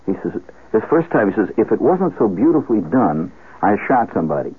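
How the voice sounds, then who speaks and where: A man telling a rambling comic story on the radio, animated and full of asides and restarts. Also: lowish voice, fairly quick, breathy edge. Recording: tinny phone-like old radio broadcast.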